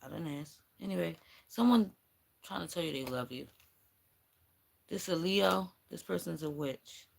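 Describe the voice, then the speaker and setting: A woman's voice: on the low side, lively intonation, measured pace, creaky, pauses often. A woman giving a rambling, blunt spiritual reading on a livestream, swearing casually as she goes. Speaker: spiritual reader.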